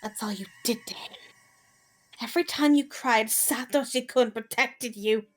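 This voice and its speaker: A woman's voice: high-pitched, animated, unhurried, fairly bright tone, pitched above the performer's own voice. Woman voicing a cruel, taunting young torturer. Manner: taunting, sneering, laughing. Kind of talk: dramatic reading of a visual novel.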